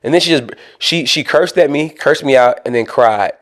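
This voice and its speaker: A man co-hosting a podcast, telling a long story in a casual, animated way and acting out both sides of an argument. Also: medium pitch, normal speed. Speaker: co-host.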